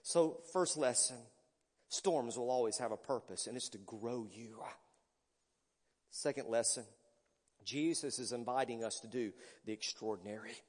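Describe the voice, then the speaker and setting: A male pastor preaching a sermon emphatically, swinging from loud declarations to hushed words. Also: medium pitch, unhurried, big-room sound.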